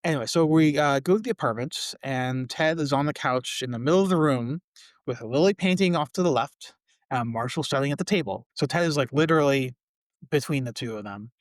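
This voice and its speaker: A man co-hosting a podcast, casually recapping a sitcom episode with a relaxed, chatty delivery. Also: mid-range voice, fairly quick, no echo, clean studio sound. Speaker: podcast co-host.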